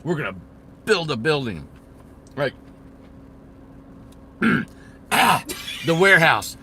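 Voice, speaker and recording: A man's voice: on the high side, big pitch swings, slow pace, bright, forceful tone. A man chatting and joking while eating, in a parked car at night on a phone mic. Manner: talks while chewing, laid-back joking. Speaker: vlogger co-host. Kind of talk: casual live chat. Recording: car noise behind.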